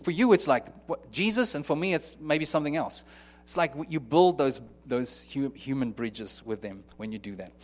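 A man's voice: mid-range voice, expressive, normal speed. A man preaching a sermon in an earnest, conversational way, often restarting and acting out what people might say. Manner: earnest, conversational, with many restarts and acted-out quotes. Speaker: pastor.

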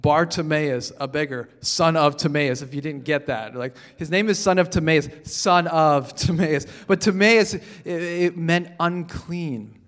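Man, pastor's sermon, slightly high pitch, conversational, repeats words as he starts sentences, shifts between soft reading and emphatic peaks. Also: steady tone, a little slow, hardly any pauses. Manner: swings between quiet reading and emphatic rises.

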